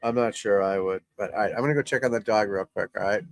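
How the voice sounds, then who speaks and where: A man's voice: on the low side, fast, no echo. A middle-aged man, a golf instructor, chatting casually and bluntly while watching golf on TV, rambling and swearing freely. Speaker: golf instructor and channel host.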